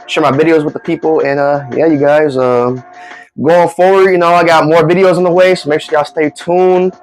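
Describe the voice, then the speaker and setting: A man's voice: fairly high pitch, moderate pace, faint music behind. A man casually telling funny stories from his day to his followers, rambling and acting out the dialogue. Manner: rambling, animated, acts out dialogue. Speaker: storytime vlogger. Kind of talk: casual storytelling.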